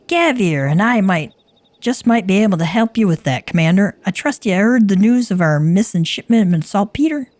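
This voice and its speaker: A woman voicing a brisk, dutiful young naval lieutenant in a video game, formal and self-assured. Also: mid-range voice, animated, darkish tone, no echo, pitched above the performer's own voice, natural voice.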